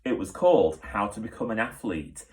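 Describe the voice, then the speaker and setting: A man, a teacher, reading a children's book aloud with steady, clear storytelling. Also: fairly low pitch, moderate pace.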